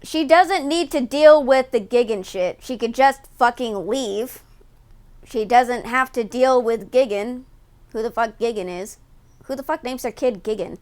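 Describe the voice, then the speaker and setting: A young woman streaming live, reacting to a video with loud, profane, joking commentary. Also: fairly high pitch, unhurried. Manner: loud, profane, mocking jokes and frequent laughs.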